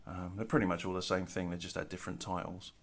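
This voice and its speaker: Low gravelly-voiced man, relaxed. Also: fast. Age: middle-aged. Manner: relaxed, rambling, self-deprecating asides. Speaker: artist showing his work. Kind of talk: casual show-and-tell narration. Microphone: camera mic, handling artwork.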